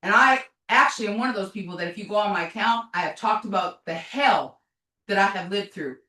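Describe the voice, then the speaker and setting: A middle-aged woman telling her story as a mother, blunt and forceful, swearing and repeating herself. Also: medium pitch, fairly quick. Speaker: mother of a recovering addict. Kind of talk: emotional personal testimony. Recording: echoey room, voice from a distance.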